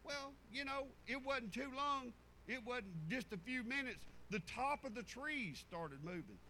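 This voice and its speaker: A man's voice: very high-pitched, lively intonation, a little slow, sharp tone, slight background noise, low-quality recording. An older man, preaching a sermon through a rambling, down-home family story full of restarts.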